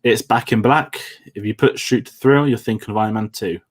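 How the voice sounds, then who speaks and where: A man's voice: on the low side, fairly quick. A man co-hosting a film quiz, chatting casually and poking fun at himself. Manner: chatty, self-deprecating. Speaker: quiz co-host. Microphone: headphones on.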